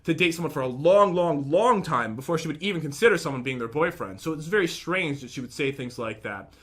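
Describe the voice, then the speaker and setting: A man's voice: fairly high pitch, expressive, a little fast, fairly bright tone, slightly rough. A young man in casual commentary, rambling and aggrieved as he reads out and picks apart messages from an ex. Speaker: vlogger.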